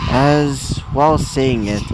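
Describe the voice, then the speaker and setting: A man's voice: medium pitch, slow, background noise. A man reading his own fan story aloud, rambling with fillers and asides. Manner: rambling, repeating "as she would say", filler-heavy asides.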